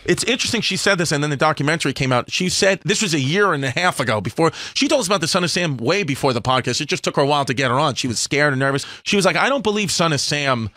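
A man talks at a quick clip, telling stories and slipping into quoted asides. His voice is bright and forward. The sound is dry and close. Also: fairly high pitch, expressive, no room sound. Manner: rapid storytelling full of quoted asides and swearing. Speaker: podcast guest, comedian. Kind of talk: casual podcast chat.

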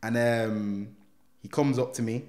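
Picture a young man sitting down for a casual interview and telling his own story. His voice sits at a middle pitch, and the talk is thick with street slang. He acts out what other people said as he goes. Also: unhurried. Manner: animated storytelling with slang, acting out quotes. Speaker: guest, former gang member turned motivational speaker.

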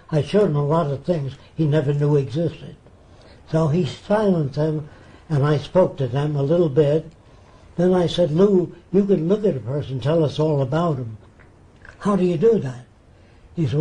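Older man telling stories in a mellow voice. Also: fairly high pitch, moderate pace. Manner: animated storyteller acting out quoted voices. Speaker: interviewee, futurist. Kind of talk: anecdotal storytelling.

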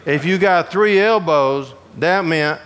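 A man from Georgia, preaching a humorous storytelling sermon to a prison audience in a folksy, animated way. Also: a little high, slow pace, clean tone. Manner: folksy, animated, acts out voices in his stories.

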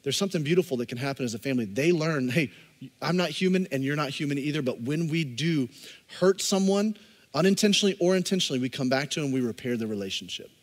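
Male pastor, thirties, higher-pitched voice, passionate sermon delivery, long church-hall reverb. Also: lively intonation, quick pace. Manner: impassioned preaching that swings from loud emphasis to soft, intimate asides. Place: church sanctuary.

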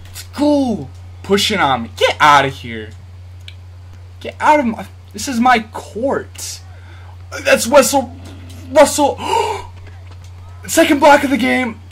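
Excitable man commentating his own basketball game. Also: extremely high pitch, unhurried, husky. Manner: excitable, jumps between yelps and nervous muttering; talks straight to viewers, asks for likes. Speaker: YouTube gamer.

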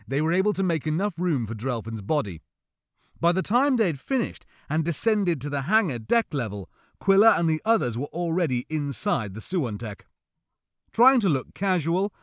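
Bright, lively male audiobook narrator. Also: on the high side, no room sound, studio quality. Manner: lively storytelling with shifting character voices. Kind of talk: scripted narration.

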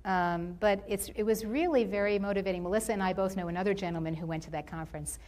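A woman's voice: mid-range voice, fast talker, a little mellow. A woman giving a motivational talk on campus, telling stories and acting out the people she quotes in livelier voices. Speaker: guest speaker.

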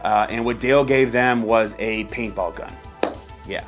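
A man's voice: lowish voice, steady tone, a little slow, faint music behind. A man casually telling a story from his old job to camera, candid and often profane. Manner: candid, profane, laid-back.

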